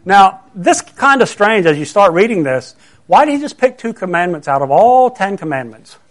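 High-voiced man preaching a sermon. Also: big pitch swings, normal speed. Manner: earnest, conversational, rhetorical questions.

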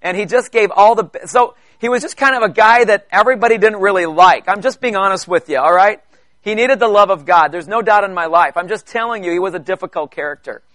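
A man preaching a personal testimony in church, chatty, with halting restarts and joking asides to the congregation. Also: sits high, a bit bright, no echo. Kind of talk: conversational sermon testimony.

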